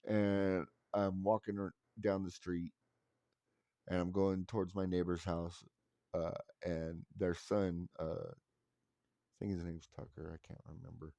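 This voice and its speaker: Speaking in a low, creaky voice with a warm tone, this man in his forties delivers flatly and at a measured pace, with no room sound. He's a vlogger spinning rambling, profane stories laced with wry self-mockery in a casual monologue.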